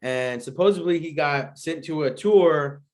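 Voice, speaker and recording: A man's voice: a little high, a little slow. Young man rambling through a story. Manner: rambling, laughs often, slangy filler-heavy talk. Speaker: podcast host. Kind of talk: casual storytelling.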